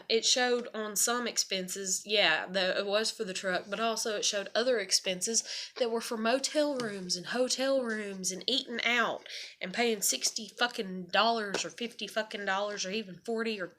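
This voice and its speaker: A woman's voice: mid-range voice, normal speed, pushed and bright. A young woman venting about her marriage and struggles in an emotional personal rant, swearing and close to tears. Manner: venting, swearing, shaky and tearful at times. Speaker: vlogger.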